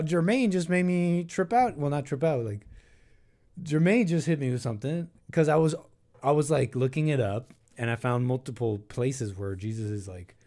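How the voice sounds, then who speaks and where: A man's voice: medium pitch, warm tone. A young man hosting a call-in show, rambling and thinking aloud in casual talk, with many restarts.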